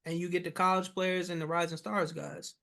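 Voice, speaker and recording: A man co-hosting a casual podcast, talking loudly and bluntly with profane banter. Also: high voice, little pitch movement, a little fast, gravelly. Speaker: podcast co-host.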